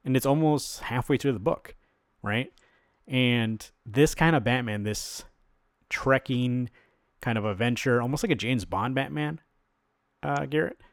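A man's voice: mid-range voice, a little slow, dry recording, clean studio sound. A man co-hosting a podcast, casually retelling a comic book plot, acting out the characters' lines and swearing now and then. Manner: animated storyteller, acts out quotes, swears casually. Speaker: podcast co-host.

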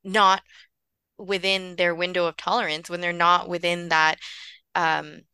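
A woman speaks with a bright, forward tone and a crisp, smooth voice. She talks earnestly as a podcast guest, leaning on "like" and "you know" as she explains. The sound is close and dry. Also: fairly low pitch, level tone, unhurried, no echo. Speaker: guest expert on early childhood trauma care. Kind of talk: conversational podcast interview.

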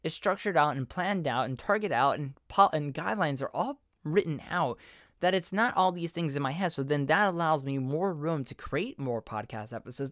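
A man's voice: fairly high pitch, a bit bright, no room sound. Guy doing a solo podcast, earnest and kinda rambly, restarts sentences a lot, dry close sound. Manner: earnest, rambling, self-correcting. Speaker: podcast host and voiceover artist. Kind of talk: casual solo podcast monologue.

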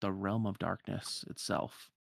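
A man's voice: low voice, little pitch movement, unhurried, vocal fry, no room sound, studio quality. A man casually retelling a game's story for friends with wry, self-deprecating humor. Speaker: podcast host recapping a game.

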